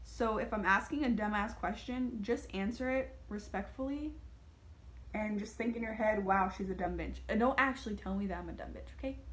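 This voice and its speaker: A young woman vlogging a casual rant, chatty and full of "like", slipping into animated quoted asides. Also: on the high side, a little fast.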